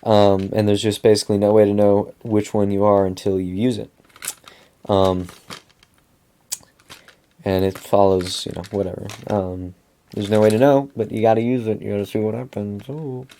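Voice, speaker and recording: A young man with a somewhat low voice vents into his vlog camera. He rambles, circles back on the same phrases and swears freely. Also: flat delivery, normal speed, dark tone, a little hiss or hum. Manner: swears a lot, rambling with repeats. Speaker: vlogger. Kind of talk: casual venting monologue.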